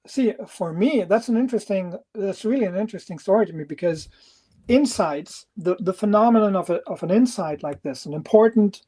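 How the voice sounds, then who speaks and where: A man's voice: sits high, a little mellow. A man hosting an interview, thoughtful and searching for his words as he explains. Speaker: host. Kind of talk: casual interview.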